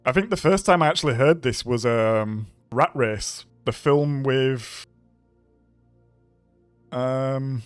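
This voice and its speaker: A man's voice: medium pitch, takes it slowly, long pauses, smooth, dry recording, faint music behind. Chatty man streaming. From Bradford, England. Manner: rambling, chatty, laughs often. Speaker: racing game streamer. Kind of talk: casual live-stream chat.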